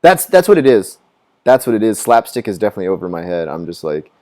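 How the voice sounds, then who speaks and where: A man on his live stream, chatting casually and rambling with a lot of swearing. He laughs at his own jokes and does high mocking voices of other people. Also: big pitch swings, quick pace, mellow. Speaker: gaming streamer. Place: living in Japan.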